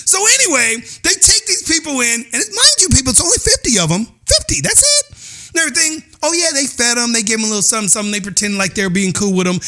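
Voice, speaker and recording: High, lively man ranting sing-song. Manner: animated, sing-song, full of "oh, yeah" asides and repeats. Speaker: podcast host. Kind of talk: casual political commentary rant.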